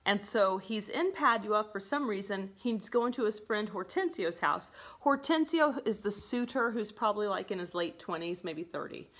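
A woman's voice: mid-range voice, animated, normal speed, few pauses, a bit bright. A woman teacher explaining a play in a chatty way, laughing often and saying "like" and "okay?" a lot. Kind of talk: casual classroom explanation.

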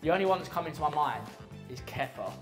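A young man in his twenties ribbing his mates over a football video game, his voice sits a bit high and swings up and down a lot, playful and quick with a jab. faint music plays underneath. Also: expressive, fairly bright tone, echoey room. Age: 20s. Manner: teasing, quick-witted and playful. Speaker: gaming video presenter. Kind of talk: casual banter over video games.

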